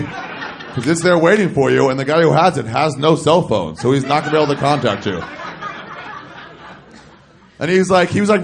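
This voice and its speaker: A man's voice: fairly high pitch, vocal fry, slight background noise. A man in his thirties telling a stand-up story on a club stage into a handheld mic, acting out both sides of phone calls in raised voices. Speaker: stand-up comedian.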